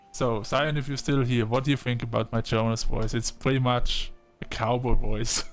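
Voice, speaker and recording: A man's voice: mid-range voice, level tone, measured pace, faint music behind. Chatty man narrating a video game. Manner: chatty, reading game dialogue aloud. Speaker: gaming video creator. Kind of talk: casual let's-play commentary.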